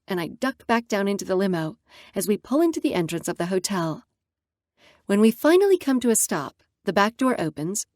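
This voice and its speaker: A woman narrating a first-person romance audiobook in an expressive way. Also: mid-range voice, dry recording, clean studio sound.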